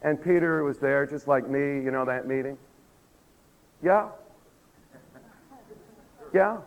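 A man preaching a sermon, telling a story animatedly, acting out the quotes and asking the congregation questions, while losing his voice. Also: medium pitch. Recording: long hall reverb.

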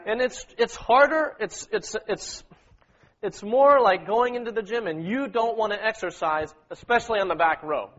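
High-voiced man exhorting a congregation. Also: normal speed, fairly bright tone, highs cut off. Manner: exhorting, repeats words, prompts the congregation with "okay?" and "amen". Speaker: pastor leading a church meeting. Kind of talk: sermon with group scripture reading.

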